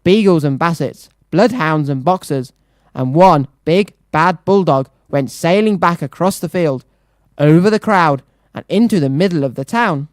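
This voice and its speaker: A children's radio presenter reading a picture book aloud, lively and rhythmic. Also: mid-range voice, a little slow, no echo.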